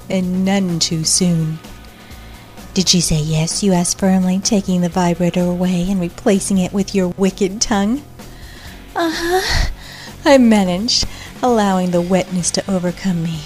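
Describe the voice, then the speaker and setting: Breathy, passionate woman narrator. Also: lowish voice, darkish tone. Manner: breathy, passionate, with moans and cries. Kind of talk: adult erotic story narration.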